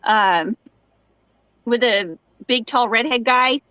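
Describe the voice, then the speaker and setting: A woman hosting a live crochet show, chatting casually, going off on quick asides and reading viewer comments aloud. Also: on the high side, no room sound, lo-fi sound. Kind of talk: casual chat on a live video call.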